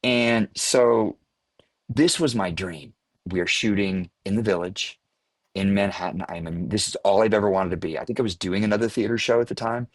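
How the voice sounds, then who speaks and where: A man with a somewhat low, husky voice spins a casual anecdote as a guest on a podcast. He is animated, laughing at his own story as it unfolds. The sound is close and dry. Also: normal speed, no echo. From US Midwest. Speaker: actor guest.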